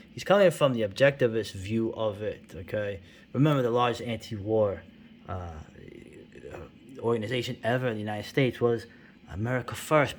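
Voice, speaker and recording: A middle-aged man from New York City, talking over comic books in a loose, rambling way. He fills his talk with fillers and asides and chuckles often. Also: mid-range voice. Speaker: comics video host. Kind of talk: casual rambling commentary.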